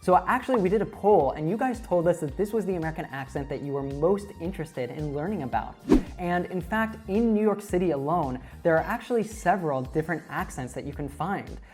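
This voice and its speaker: A woman presenting an online English lesson, explaining clearly and speaking directly to viewers. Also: lowish voice, expressive, a little fast, over music. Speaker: English teacher.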